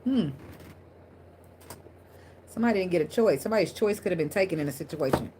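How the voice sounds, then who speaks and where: Woman doing a tarot reading, kinda low voice, cusses a lot, laughs, real blunt, faint background hum. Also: expressive, brisk. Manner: blunt, profane and laughing, talks straight to viewers. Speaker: tarot reader. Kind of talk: casual tarot reading to camera.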